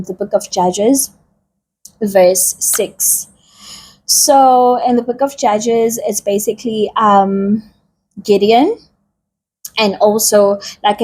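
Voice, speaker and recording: A woman shares a bible lesson in a relaxed vlog. She talks slowly and chattily, repeats herself and drops into slang, and her voice has a faint huskiness at a middle pitch. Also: breathy edge. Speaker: bible teacher, vlogger. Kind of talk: casual bible teaching vlog.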